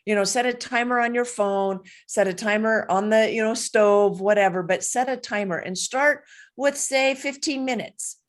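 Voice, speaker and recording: A middle-aged woman coach answering interview questions, earnest and animated, telling personal stories with light laughs. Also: fairly high pitch, normal speed, hardly any pauses. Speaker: guest, coach and speaker.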